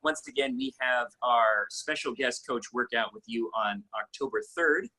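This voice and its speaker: A man's voice: mid-range voice, moderate pace, bright, forceful tone. A man hosting an interview, eager and upbeat, often saying "like" and announcing class dates. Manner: eager and upbeat, with many likes. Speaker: host.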